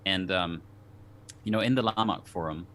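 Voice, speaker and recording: A man's voice: low voice, moderate pace, a bit bright, a little hiss or hum. A man from Denmark, a guest on a talk show, telling a personal story in an earnest, reflective way with many restarts.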